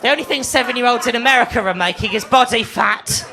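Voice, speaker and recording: A man's voice: very high voice, quick pace, vocal fry. A man doing a live stand-up set on a comedy club stage, bantering with audience members. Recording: live club recording with crowd noise.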